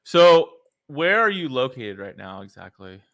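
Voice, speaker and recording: Bright, crisp-voiced man hosting a podcast. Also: mid-range voice, big pitch swings, a little slow, dry recording, clean studio sound. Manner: chatty, laid-back, lots of fillers. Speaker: podcast host. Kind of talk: casual interview chat.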